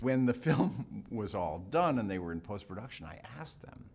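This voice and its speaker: A man's voice: on the low side, sing-song, normal speed, vocal fry, few pauses, a little mellow, slight background noise. A male actor recounting anecdotes in an interview, chuckling as he talks. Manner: chuckles while telling stories. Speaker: actor interviewed about a film role.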